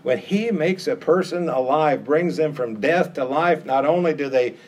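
A man's voice: on the high side, moderate pace, darkish tone. A middle-aged man preaching a sermon with an emphatic, repetitive cadence that rises on key phrases.

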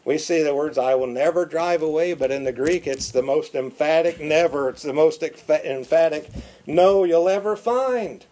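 A man delivers a sermon with a fairly high-pitched voice, hammering points home by repeating words. At times he sinks into quiet, stretched-out phrases.

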